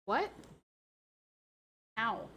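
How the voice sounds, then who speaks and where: A woman's voice: drawn-out words, sharp tone, lo-fi sound, a little hiss or hum. A young woman streaming a casual chat, sleep-deprived, rambling and giggling often.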